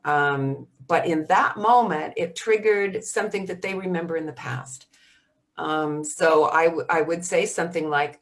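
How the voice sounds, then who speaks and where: A woman dementia specialist answering workshop questions, hesitant with many ums and restarts, acting out gentle phrases for caregivers. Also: low voice, a little slow.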